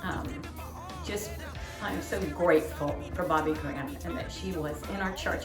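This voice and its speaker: A woman's voice: lowish voice, moderate pace, over music. A woman from the church speaking about a friend in an emotional, near-tearful way. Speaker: church member. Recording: echoey room, distant mic.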